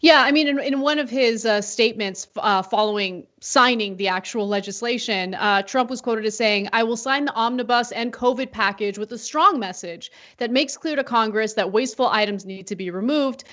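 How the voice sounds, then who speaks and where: Measured woman co-hosting political commentary. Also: fairly high pitch, a bit bright. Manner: measured, explanatory, many fillers.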